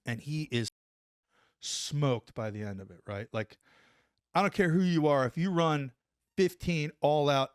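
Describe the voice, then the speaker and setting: A man and former Army Ranger telling a story in a casual interview, animated and profane, acting out the dialogue. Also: medium pitch, dry recording, clean studio sound.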